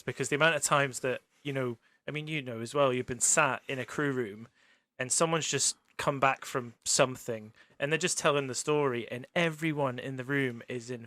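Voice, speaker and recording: A man's voice: medium pitch, a bit bright, no room sound. A man from England hosting a casual podcast interview, swearing freely and laughing often. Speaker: podcast host.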